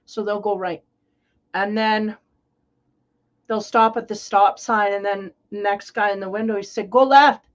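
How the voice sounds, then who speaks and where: Woman tarot reader, mid-pitched, chatty and meandering, muffled lo-fi sound. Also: little pitch movement, unhurried, long pauses. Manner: rambling, conversational, playful. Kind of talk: casual spiritual reading.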